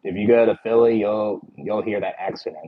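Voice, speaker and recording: A man's voice: lowish voice, steady tone, normal speed, phone-quality sound. A man with a Philadelphia accent chatting casually with his livestream viewers, rambling and full of "like" and "you know".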